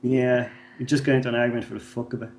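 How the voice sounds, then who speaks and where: A man's voice: medium pitch, flat delivery, very fast, darkish tone. A man, co-hosting a podcast and telling profane stories in casual chat, acting out the people in them. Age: 30s. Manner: swearing storyteller, acts out voices in anecdotes. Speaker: podcast co-host.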